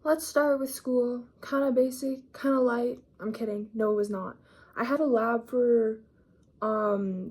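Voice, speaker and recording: A husky, warm, fairly high-pitched female voice belongs to an eighteen-year-old vlogger rambling through her day in casual slang. She's mildly sick, with a cough that brings up phlegm.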